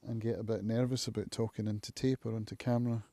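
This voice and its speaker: A man hosting his own live stream from home, thinking aloud in a reflective, musing way with frequent pauses. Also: lowish voice, flat delivery, mellow, no room sound. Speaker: channel host, recovering alcoholic. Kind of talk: casual live-stream monologue.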